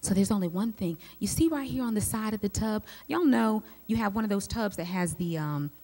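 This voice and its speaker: A woman gives a teaching talk, her voice set at a middle pitch for a woman. She tells lively stories and turns often to speak directly to the room. Her words trail off into a long reverb from the hall. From United States. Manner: lively storyteller who speaks straight to the audience. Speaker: psychologist speaking to a women's group.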